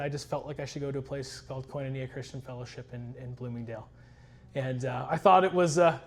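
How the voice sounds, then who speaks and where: A man sharing his personal testimony in an earnest, reflective storytelling way. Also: on the high side. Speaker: church member giving a testimony.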